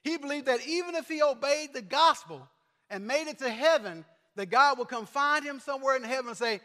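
A man preaching a sermon with personal stories, speaking earnestly and haltingly, often repeating words as he goes. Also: very high-pitched, pushed and bright. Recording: long hall reverb.

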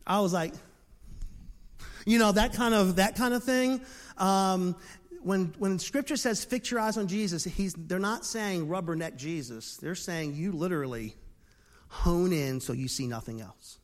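A man in his fifties from Philadelphia preaching a sermon as pastor, dropping to near-whispers and then rising to loud exclamations. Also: high voice, unhurried. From Philadelphia, USA. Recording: long reverb of a large hall.

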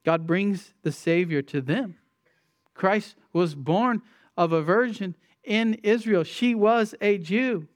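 A man preaching an expository sermon, emphatic, with sweeping shifts in pitch and loudness and slowing down to stress key words. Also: no echo, studio quality. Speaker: pastor.

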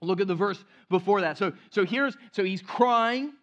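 A man preaching a sermon in a conversational way, often restarting phrases and dropping to a hushed voice for emphasis, in a church. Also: sits high, normal speed, muffled recording. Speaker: pastor.

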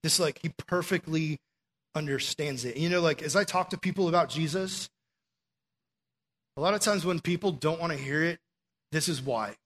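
A man with a voice a touch higher than most delivers a sermon as easygoing storytelling. His talk is loose and chatty, full of "like" and small restarts, more friendly conversation than pulpit oratory. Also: normal speed, long pauses, a bit bright. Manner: conversational storytelling with frequent "like" fillers. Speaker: preacher.

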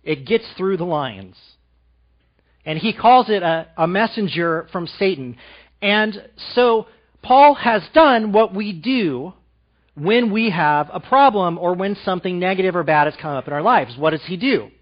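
A man preaching a sermon to a live congregation, asking them questions and dropping to a soft, quiet voice for emphasis. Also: sits high, lively intonation, measured pace, highs cut off. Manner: engaging, asks the audience questions.

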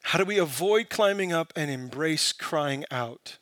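A man preaching a sermon, building from quiet, searching questions to impassioned, emphatic peaks. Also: fairly high pitch, animated, measured pace, no room sound. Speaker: pastor.

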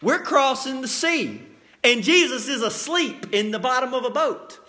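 A preacher with an unusually high, bright voice delivers a sermon. His pitch swoops up and down as he acts out the stories, and he keeps it folksy and animated. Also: a little slow. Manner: animated storytelling, acts out scenes.

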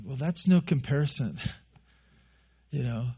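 Earnest preacher man, husky voice. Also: medium pitch, lively intonation, normal speed, warm tone, lo-fi sound. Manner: earnest, repeats phrases, acts out quoted listeners. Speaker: pastor. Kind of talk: sermon.

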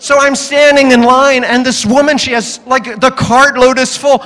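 A pastor delivering a humorous sermon to a congregation, animated and joking, acting out the voices in his stories. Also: very high-pitched, normal speed, few pauses, long reverb tail.

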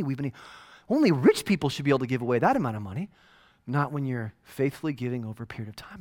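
A man in his forties gives a loose, conversational sermon, his voice pitched high and swinging widely up and down. He jokes and drops into quick mock-quoted asides as he talks to his congregation. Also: very animated, fairly bright tone. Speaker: pastor. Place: church.

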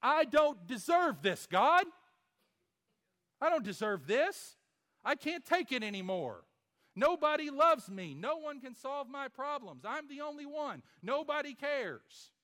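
A preacher acting out a self-pitying, complaining prophet in a sermon. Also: male voice, very high-pitched, very animated, a little slow, pushed and bright, voice pushed up, exaggerated voice. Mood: whining. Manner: complaining, wailing, repetitive. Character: self-pitying, whining prophet, grown man.

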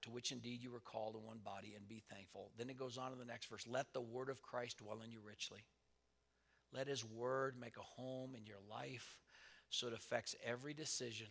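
Male pastor mid-sermon, mid-range gravelly voice, dynamic delivery from hushed to emphatic. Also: medium pitch. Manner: animated preaching, swings from soft asides to loud emphasis.

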